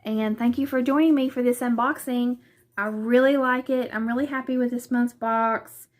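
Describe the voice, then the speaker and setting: A woman's voice: fairly high pitch, steady tone, normal speed. A woman with a Southern US accent chatting casually through a quilting unboxing in her living room, hesitant and thinking aloud as she goes. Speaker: vlogger.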